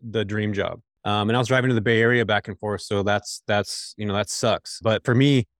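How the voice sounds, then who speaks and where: A man's voice: on the low side, fairly even intonation, brisk, a bit bright, dry recording, clean studio sound. A middle-aged man from California, a guest on a podcast interview, talking casually and energetically straight to the listeners. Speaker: podcast guest, midterm rental investor.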